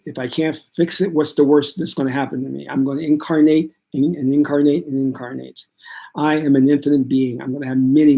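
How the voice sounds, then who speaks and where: Calm man giving a spiritual talk. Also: on the high side. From United States. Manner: calm, steady, reassuring delivery. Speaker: spiritual teacher. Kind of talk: casual spiritual talk to viewers.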